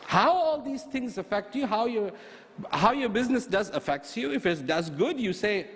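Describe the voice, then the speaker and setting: A man giving an animated motivational talk, telling stories and asking emphatic rhetorical questions. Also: sits high, normal speed. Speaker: motivational speaker. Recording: echoey hall with faint ambience.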